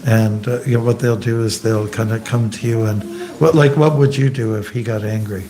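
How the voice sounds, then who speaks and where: A man's voice: fairly low pitch, fairly even intonation, normal speed, dark tone, a little hiss or hum. Chatty man teaching a scripture class. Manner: chatty and joking, asks the audience questions. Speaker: monk giving a scripture class. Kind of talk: informal scripture class with anecdotes. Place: temple hall.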